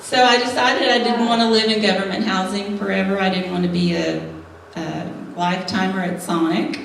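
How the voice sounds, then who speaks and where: This middle-aged woman has a medium-pitched, creaky voice with fairly even intonation and a moderate pace. She shares a humorous testimony at a women's church gathering, laughing often. The recording has a little hiss or hum, with a distant mic in an echoey hall.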